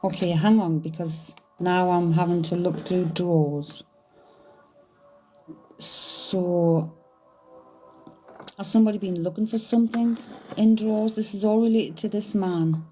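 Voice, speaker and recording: A woman's voice: lowish voice, measured pace, pauses often, dark tone, soft background music. A woman doing a psychic reading, thinking aloud in a hesitant, searching way. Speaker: psychic medium. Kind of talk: live medium reading.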